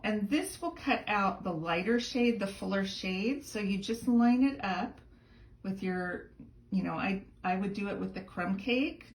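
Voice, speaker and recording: A woman's voice: medium pitch, roomy sound, noisy background. A woman teaching a card-making tutorial in a chatty, enthusiastic way, gushing over the details as she works. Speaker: crafting instructor.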